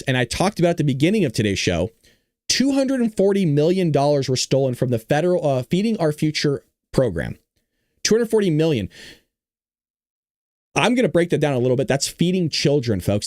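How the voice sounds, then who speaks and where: A man's voice: fairly high pitch, a little mellow, dry recording. A male host delivering emphatic political news commentary with sarcastic asides, close to the mic.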